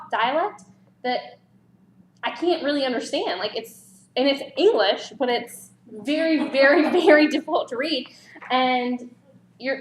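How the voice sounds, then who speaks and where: A woman presenting a writing workshop in a casual, chatty way, animated with light laughs. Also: fairly high pitch. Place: library meeting room. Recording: roomy echo, faint background noise.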